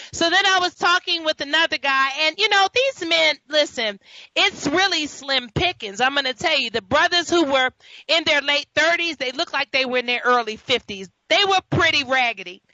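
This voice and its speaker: A woman's voice: sits high, dry recording. A woman from New York hosting a talk show, telling stories in casual chat with laughing asides. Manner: storytelling, laughing, animated asides. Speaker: host. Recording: dull lo-fi audio.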